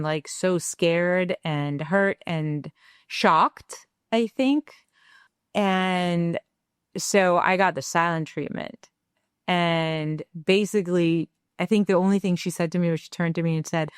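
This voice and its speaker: Candid parenting podcast co-host, female; animated storyteller with a smooth, clear voice. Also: lowish voice, dry recording, studio quality. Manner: animated, acts out quoted dialogue; reflective and candid. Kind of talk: conversational storytelling.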